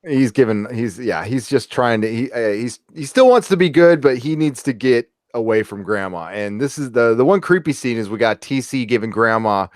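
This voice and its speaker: Dude co-hosting a show review, chatty, lots of yeps, dry close sound. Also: male voice, medium pitch, lively intonation, no echo. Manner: chatty, quick agreeing interjections. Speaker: podcast co-host reviewing a TV episode. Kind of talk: casual recap chat.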